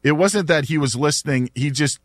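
A man hosting a sports talk show, telling a story in an animated, laughing way. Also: on the high side, brisk, no room sound. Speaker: radio talk show host.

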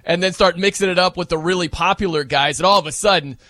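A man hosting casual sports talk, animated, often laughing and jumping higher for emphasis. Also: fast talker, dry recording.

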